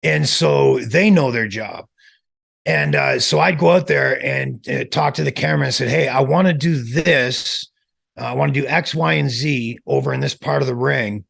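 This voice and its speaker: A middle-aged man, a former wrestler, telling relaxed, rambling stories in an interview. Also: mid-range voice, moderate pace, gravelly, slightly rough. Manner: relaxed, rambling, many restarts. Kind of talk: casual storytelling.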